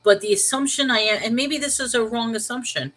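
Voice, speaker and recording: A woman's voice: fairly high pitch, fairly quick, poor audio. Woman, New York accent, livestream host; casual and conversational, reacting to viewer comments as she goes. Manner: talks things through out loud, reacting to viewer comments. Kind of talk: casual live-chat reply.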